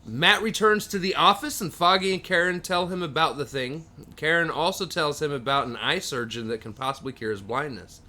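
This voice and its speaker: A man's voice: on the high side, a little fast, hardly any pauses, bright, forceful tone. A man co-hosting a podcast, casually recapping comic book plots at length with dry jokes. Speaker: podcast co-host.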